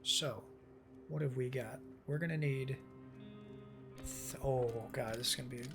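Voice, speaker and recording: Game music plays behind a man streaming a video game in a steady, medium-pitched voice at a measured pace. His commentary is casual, with plenty of thinking aloud and free swearing.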